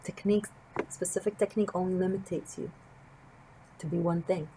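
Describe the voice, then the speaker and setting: Woman, tarot reader, lower pitch; earnest, wandering storyteller speaking to camera. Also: fairly even intonation, normal speed, warm tone, slight background noise, poor audio.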